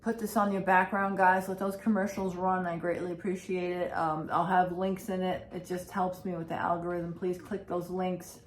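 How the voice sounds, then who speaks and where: Woman vlogger, casual, repetitive, emotional, a bit low-pitched, roomy echo, faint noise. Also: level tone, normal speed, few pauses. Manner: rambling and repetitive, anxious and emotional. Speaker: vlogger and pet owner. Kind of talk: casual day-in-the-life vlog.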